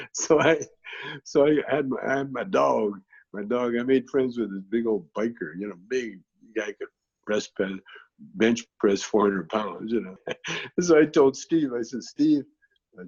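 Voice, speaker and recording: A man with a mid-range, darkish, slightly rough voice is interviewed as a guest, an actor and comedian. He tells long, rambling stories in a laid-back way, full of filler phrases, and the recording sounds muffled.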